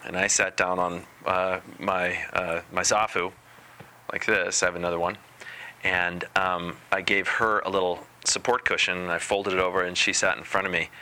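A man giving a spiritual talk as a meditation teacher, unhurried and deliberate with a gently playful touch. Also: deep voice, flat delivery.

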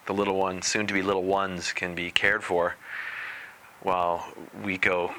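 A man giving a spiritual talk as a meditation teacher, unhurried and deliberate with a gently playful touch. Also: deep voice, little pitch movement.

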